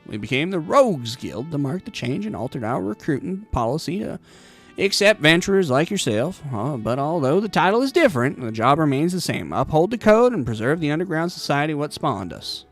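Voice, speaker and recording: A seasoned rogue guild leader spins his tale in a wry, knowing way, voiced by a man. His voice is fairly high and lively. Soft game music sits underneath. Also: a little fast.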